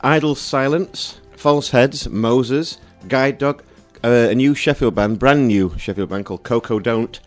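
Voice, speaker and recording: A man's voice: medium pitch, measured pace, hardly any pauses, faint music behind. A man co-hosting a radio show in a small studio, chatting in a laid-back way. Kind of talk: casual radio chat.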